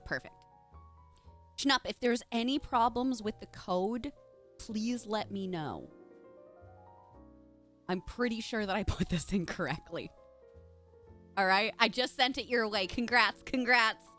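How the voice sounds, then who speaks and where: A woman's voice: a little high, slow, pauses often, sharp tone, soft background music. A young adult woman streaming live, chatting casually and greeting viewers by name in a bubbly way.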